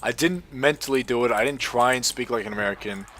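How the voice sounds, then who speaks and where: A young man from Australia talks into a gaming headset as he plays. His delivery is loose and rambling, full of swearing and filler words. His pitch sits in an ordinary middle range. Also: quick pace, a bit bright, slight background noise. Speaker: gaming video host. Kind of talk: casual talk while playing a game.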